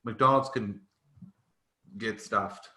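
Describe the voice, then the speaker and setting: A man's voice: fairly low pitch, drawn-out words, sharp tone, reverberant. A man with an Australian accent, co-hosting a podcast in casual, blunt and opinionated banter. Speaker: podcast co-host. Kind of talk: casual chat.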